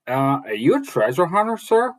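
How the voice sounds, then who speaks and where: A man's voice: a little high, very animated, moderate pace, voice pushed up. A man voicing an aging male treasure hunter in an audiobook, answering in short, demanding replies. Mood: brisk. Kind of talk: audiobook character voice.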